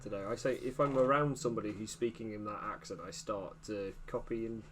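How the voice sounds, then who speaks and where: A man's voice: fairly low pitch, brisk, a loud crowd. A man in casual chat, agreeable and asking questions. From Cheshire, England. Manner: chatty, agreeable, asks questions. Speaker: co-host. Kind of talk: casual chat while painting on stream.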